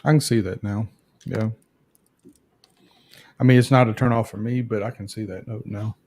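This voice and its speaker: A man tasting whiskey with friends in casual chat, often halting and restarting his thoughts. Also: lowish voice, steady tone, darkish tone. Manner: hesitant, self-correcting. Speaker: guest taster.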